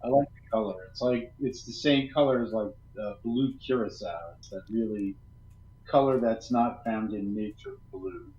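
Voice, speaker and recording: A man's voice: fairly low pitch, normal speed, warm tone, reverberant, highs cut off. A man calling into a livestream, chatting casually and making dry, joking remarks that trail off. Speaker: caller. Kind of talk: casual chat.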